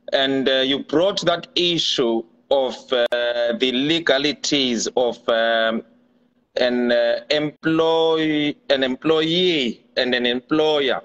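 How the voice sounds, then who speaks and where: Male caller, slow hesitant speech, dull call sound. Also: mid-range voice, fairly bright tone. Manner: hesitant, many fillers. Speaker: guest. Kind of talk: call-in chat. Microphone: video call.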